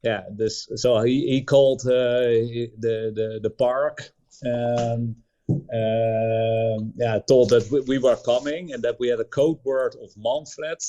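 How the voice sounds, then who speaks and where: A Dutch man with a Dutch accent, a guest telling a travel story in casual chat, halting and restarting words. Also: medium pitch, fairly even intonation, mellow, dull audio. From Netherlands. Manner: halting, restarts mid-word.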